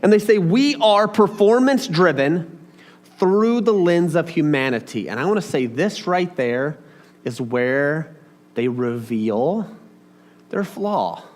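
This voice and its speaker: A man's voice: a little high, takes it slowly. A man preaching a casual, chatty sermon, talking straight to his congregation with asides and questions. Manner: chatty and animated, talks to the audience with asides.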